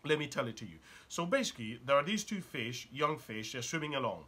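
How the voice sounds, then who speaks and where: A man gives a motivational talk in a bright, slightly husky voice. His pitch swings widely as he presses the listener with one probing question after another. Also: very animated, brisk. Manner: urgent and probing, fires rhetorical questions at the listener. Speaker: motivational speaker and author.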